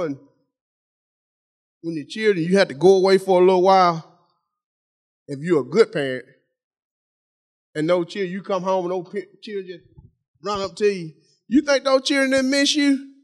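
High-voiced man preaching a folksy sermon. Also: normal speed, pauses often. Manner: folksy, conversational preaching addressing the congregation; repeats phrases for emphasis. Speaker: pastor.

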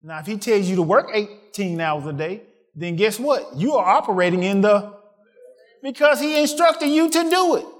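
A man preaching a sermon, asking the congregation questions and swinging from excited peaks to quiet asides. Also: normal speed. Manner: call-and-response preaching, rising to excited peaks then dropping low.

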